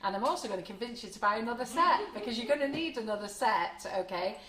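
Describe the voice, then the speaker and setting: A woman's voice: fairly high pitch, animated, fast talker, roomy sound, a crowd in the background. A woman hosting a live cake decorating demo, chatty and frank, laughing often. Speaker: baking show host. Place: home kitchen studio.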